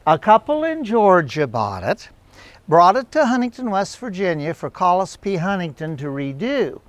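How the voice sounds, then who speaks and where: Folksy older tour guide with a Southeastern Ohio accent, lively high voice, dry sound. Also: male voice, moderate pace, no room sound. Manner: folksy, animated storyteller. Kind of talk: anecdotal storytelling on a tour.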